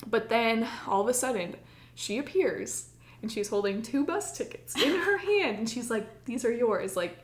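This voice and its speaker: A fairly high, lively voice belongs to an American woman co-hosting a podcast, speaking at a moderate pace in a roomy space. Her personal story comes out chatty, packed with "like," as she acts out her own earlier lines.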